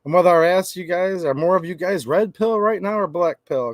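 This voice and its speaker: A man's voice: high-pitched, a little fast, no room sound. A man hosting a channel, ranting brashly in casual livestream commentary to his chat. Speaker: host.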